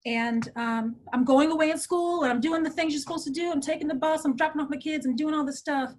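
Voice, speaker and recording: A middle-aged woman telling a personal story in an interview, animated and acting out the voices of people she quotes. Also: sits high, fast talker. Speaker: guest.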